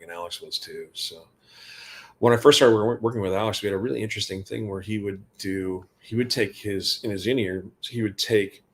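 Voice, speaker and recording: A man's voice: low voice, fairly bright tone. A man telling casual backstage anecdotes in an interview, rambling and quoting conversations. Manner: rambling anecdotes with quoted dialogue and laughs. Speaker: guitar tech guest.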